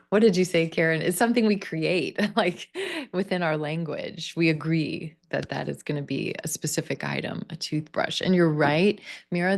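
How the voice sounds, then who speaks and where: Low-pitched female pronunciation coach, unhurried and clear, on a video call. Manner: slow, clear drilling of word stress. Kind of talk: online pronunciation class.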